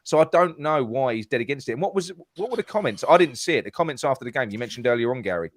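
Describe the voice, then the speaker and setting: A man co-hosting a casual live-streamed fan chat, animated and quick to bring others in. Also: medium pitch, no echo. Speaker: podcast co-host.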